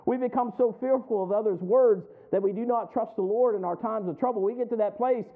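A male preacher with a fairly high voice delivers a sermon, quoting scripture and playfully acting out his listeners' thoughts. The recording sounds thin and phone-like. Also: fairly quick. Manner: folksy, acts out the congregation's inner voices; laughs often between lines.

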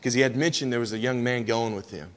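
A young missionary speaker with an East Tennessee Southern drawl tells stories to a church in a folksy, easygoing manner, often restarting his sentences. His middle-pitched voice holds a steady tone at a fast pace and carries a long reverb from the sanctuary.

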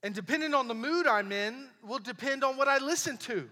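Young male pastor, high bright voice, chatty but emphatic sermon, church hall reverb. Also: fairly quick. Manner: conversational, emphatic preaching with repetitions. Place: church sanctuary.

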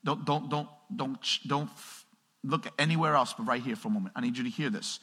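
A man's voice: medium pitch, fairly even intonation, brisk, bright, forceful tone, husky. A man pastor preaching a sermon in a church, throwing call-and-response questions at the congregation and building to emphatic peaks. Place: church sanctuary. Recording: long hall reverb.

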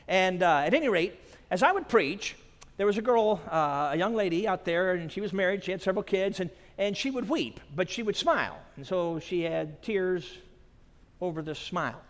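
A man preaching at a conference, his voice sitting a bit high for a man. He tells stories between points and laughs softly as he goes. The sound carries a long reverb from a large hall. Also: animated, normal speed. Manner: storytelling with frequent chuckles. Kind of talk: sermon.

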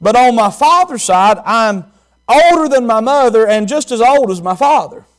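A man preaching in the voice of the twelve-year-old Jesus, giving a gentle, riddling answer. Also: very high voice, animated, normal speed. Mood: playful.

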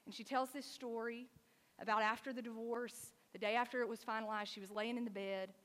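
A woman's voice: a little high, steady tone, a little fast, a bit bright, long reverb tail. A woman pastor preaching a sermon, telling stories with animation and frequent use of "like".

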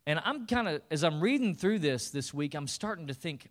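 A man's voice: fairly high pitch, animated, moderate pace, few pauses. A man preaching a sermon in a conversational way, now and then rising to emphatic bursts. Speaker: pastor.

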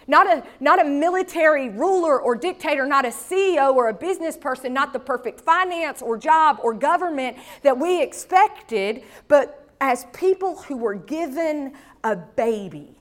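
A woman's voice: high voice, lively intonation, moderate pace, fairly bright tone. A woman pastor, preaching a sermon through a personal story with folksy asides.

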